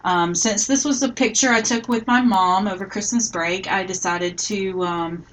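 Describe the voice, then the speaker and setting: A middle-aged woman hosting a live scrapbooking tutorial, chatting casually and thinking aloud as she works, often trailing off softly. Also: mid-range voice, moderate pace, a little hiss or hum, rough recording.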